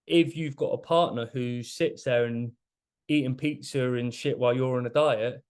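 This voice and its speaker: A man's voice: mid-range voice, steady tone, moderate pace, darkish tone. A young man coaching a group on diet and mindset, talking loosely and casually with many restarts and the odd swear word. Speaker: fitness coach. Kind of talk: live group coaching session.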